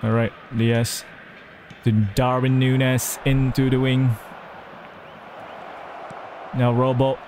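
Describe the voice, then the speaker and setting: Young male gamer, unhurried gameplay commentary over faint background hum; groans and cheers at plays. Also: mid-range voice, little pitch movement, a little mellow.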